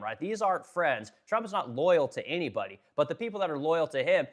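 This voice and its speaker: A man hosting a casual political live stream. He talks bluntly with lots of swearing and fillers. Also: a little high. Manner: blunt, profane, filler-heavy. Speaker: live-stream host, furniture business owner.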